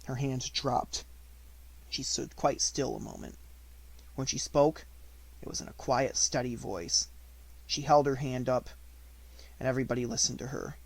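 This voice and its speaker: A man narrating a children's classic in an even, measured reading. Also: medium pitch, vocal fry, husky, no room sound. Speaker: audiobook narrator. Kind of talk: unabridged audiobook reading.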